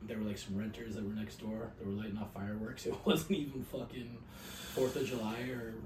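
A man's voice: on the low side, fairly even intonation, brisk. Laid-back swearing man in a roomy room. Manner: profane, rambling storyteller. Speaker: podcast co-host. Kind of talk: casual chat. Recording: roomy, distant mic, faint noise.

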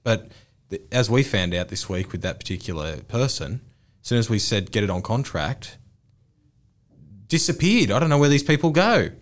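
A man's voice: mid-range voice, animated, brisk. A man, a real estate agent co-hosting a podcast, chatting casually and telling rambling, self-mocking stories.

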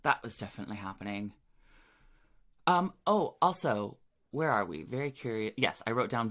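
A man's voice: fairly low pitch, lively intonation, normal speed, fairly bright tone. Playful chatty male podcast co-host. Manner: chatty, reading off notes, playful. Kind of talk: casual chat recapping an episode.

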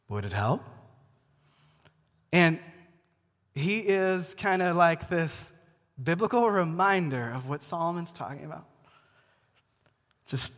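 Relaxed male pastor in a reverberant hall. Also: fairly high pitch. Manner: relaxed, repeats words as he restarts, addresses the congregation directly. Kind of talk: conversational sermon. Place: church before a live congregation.

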